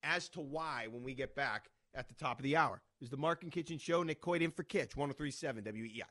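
A man from Boston hosting a sports radio show, rambling through his points in quick asides and restarts. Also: medium pitch, sharp tone.

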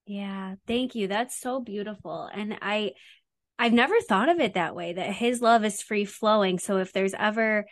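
A woman's voice: medium pitch, normal speed, no echo. A woman with a mid-range voice hosts a faith podcast, recorded close with a dry sound. She speaks conversationally, reflecting back on what her guest shares and affirming it. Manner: warm, affirming, conversational questions. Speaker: podcast host.

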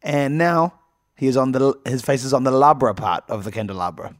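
A man's voice: medium pitch, expressive, fairly quick, dry recording, clean studio sound. A man co-hosting a casual, comedic podcast chat, rambling through jokes and laughing often. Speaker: podcast co-host.

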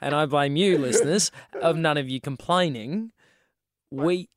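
A man's voice: fairly high pitch, measured pace, no echo, studio quality. A man with an Australian accent, co-hosting a radio show in a teasing way and laughing often. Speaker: radio co-host. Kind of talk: breakfast radio banter. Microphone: studio microphone.

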